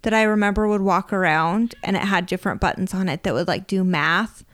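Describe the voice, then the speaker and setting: A young woman co-hosting a podcast in casual chat, chatty and animated, laughing often as she tells stories. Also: mid-range voice, fairly quick. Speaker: podcast co-host.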